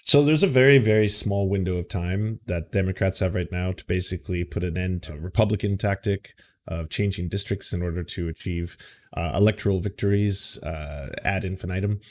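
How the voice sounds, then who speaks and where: Rambling sarcastic low-voiced male host. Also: brisk, darkish tone. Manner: rambling, sarcastic, repeats words. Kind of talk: casual political commentary.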